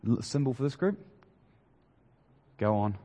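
A man preaching a sermon in a conversational, halting way, with many fillers and restarts, in a church hall. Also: medium pitch, lively intonation, dark tone. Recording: long hall reverb.

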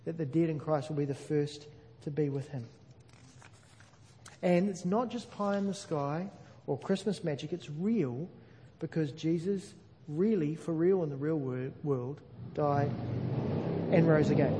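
Earnest high-voiced preacher in a reverberant hall. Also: male voice, warm tone. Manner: earnest, emphatic, slows down on key phrases. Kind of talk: sermon.

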